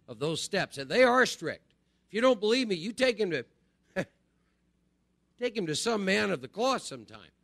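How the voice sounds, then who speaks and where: A man's voice: on the high side, a bit bright, dry recording. A middle-aged man gives a conversational spiritual recovery talk to a group, often checking in with "right?". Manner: conversational, repeats phrases and asks "right?". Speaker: recovery speaker.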